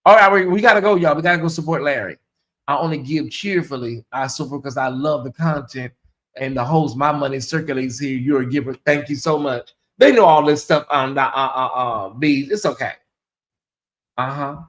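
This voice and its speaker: A man hosting a casual livestream, reading viewer comments aloud and stretching out questions slowly for effect. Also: mid-range voice, a bit bright. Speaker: livestream host.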